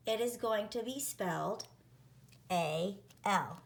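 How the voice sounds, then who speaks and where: A woman teacher leading an early-reading spelling lesson, sounding out words and letters deliberately. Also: on the high side, lively intonation, vocal fry.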